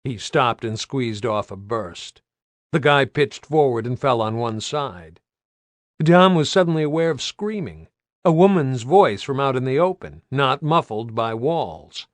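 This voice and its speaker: A man's voice: mid-range voice, expressive, a little slow, no room sound. A man reading an audiobook aloud with tense, dramatic narration. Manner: tense, dramatic, varied delivery.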